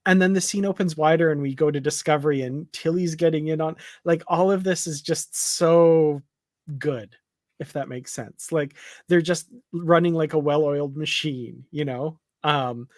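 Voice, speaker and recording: A man co-hosting a live discussion show, chatty and easygoing, laughing often and pausing on fillers. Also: on the high side, no room sound, clean studio sound. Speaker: podcast co-host.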